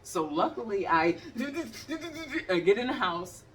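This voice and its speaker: Bright, animated woman in her fifties. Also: fairly high pitch, slow pace, distant mic, a little hiss or hum. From Cleveland area, US. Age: 50s. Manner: expressive, acts out scenes, talks to the viewer. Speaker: vlogger. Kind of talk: animated comedic storytelling.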